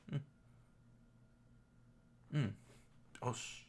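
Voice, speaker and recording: Male host, lower voice, unhurried delivery, musing study-stream chat with frequent chuckles. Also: steady tone, a bit bright, slight background noise. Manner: thinks aloud, sounding out phrases and chuckling often. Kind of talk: casual study-stream commentary.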